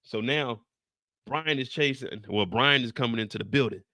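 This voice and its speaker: A man's voice: medium pitch, moderate pace, sharp tone, no echo, studio quality. A man hosting a live TV episode recap, telling the story in a profane, slangy way and acting out scenes with sound effects and his own anecdotes.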